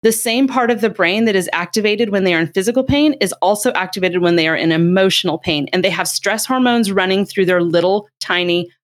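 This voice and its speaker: A middle-aged woman who is a parenting expert explains things conversationally in a brisk, mid-range voice with few pauses. She tells stories with animation, acting out the quotes.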